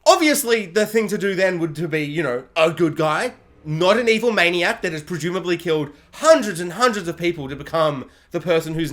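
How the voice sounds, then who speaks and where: An animated man reviewing a series in a casual, joking way, often breaking into quick impressions. His pitch swings widely as he talks, rising sharply when he gets excited. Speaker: video reviewer. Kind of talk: casual spoken film review.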